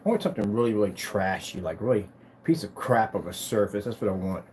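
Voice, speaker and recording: A man showing off his business's screen paint in a casual vlog, talking in an excitable, rambling, hyped-up way. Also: fairly low pitch, fast, a little hiss or hum. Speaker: screen paint business owner demonstrating products. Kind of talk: casual product demo vlog with storytelling.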